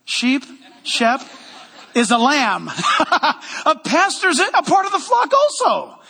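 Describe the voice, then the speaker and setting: A pastor with a strikingly high, bright voice preaches with loud energy in a church sanctuary, tossing joking asides to the congregation. His words ring out with a long reverb in the hall. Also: sing-song, slow, vocal fry, a little hiss or hum. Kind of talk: sermon.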